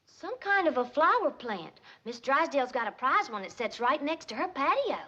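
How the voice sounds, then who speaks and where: A woman's voice: high voice, very animated, moderate pace, sharp tone, exaggerated voice. An actress playing a sweet young country girl who speaks in an earnest, simple rural Southern drawl, on muffled old TV sitcom audio.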